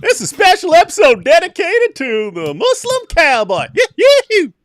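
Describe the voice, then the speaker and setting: A man's voice: very high voice, wildly swooping pitch, normal speed, voice pushed up, exaggerated voice. A man hamming up a whooping Southern cowboy. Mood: rowdy. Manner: loud whooping yells.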